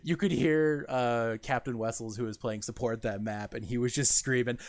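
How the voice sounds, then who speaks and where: A man hosting a casual livestreamed gaming podcast, relaxed and chatty, laughing often and using lots of fillers. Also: mid-range voice, moderate pace, dry recording. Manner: laid-back, laughs often, many fillers. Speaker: podcast host.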